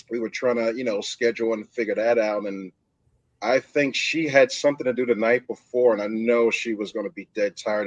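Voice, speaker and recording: A man recalling casting, speaking haltingly with many fillers in a casual chat. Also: mid-range voice, no room sound. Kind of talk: casual chat on a live stream. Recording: dull dry recording.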